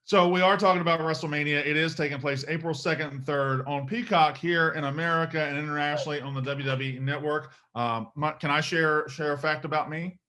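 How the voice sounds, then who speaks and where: A man's voice: on the high side, fairly even intonation, brisk, few pauses, sharp tone. A man hosting a casual interview in a joking, self-deprecating way. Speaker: podcast host.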